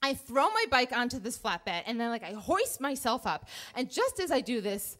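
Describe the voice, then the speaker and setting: A woman in her thirties telling a true story on stage, animated, acting out her own panicked thoughts. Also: fairly high pitch, moderate pace. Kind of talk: live first-person storytelling on stage. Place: theater stage before an audience.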